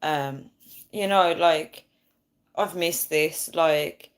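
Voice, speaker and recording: A woman's voice: sits low, drawn-out words. A woman in her thirties hosting a casual phone live stream, chatty and bubbly, reading out viewer comments. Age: 30s. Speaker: livestream host.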